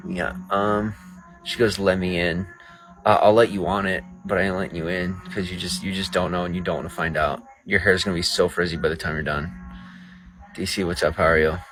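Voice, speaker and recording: A man's voice: deep voice, fairly even intonation, fairly quick, music in the background. A man on a livestream chatting casually with viewers, crude, profane and riled up.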